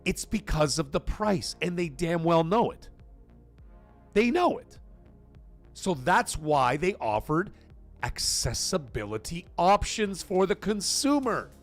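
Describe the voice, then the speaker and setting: A man hosting a live stream, talking in a casual, emphatic and repetitive way, his voice getting hoarse. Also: high voice, very animated, slow, soft background music. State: voice going hoarse. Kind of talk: casual live-stream chat reading donations.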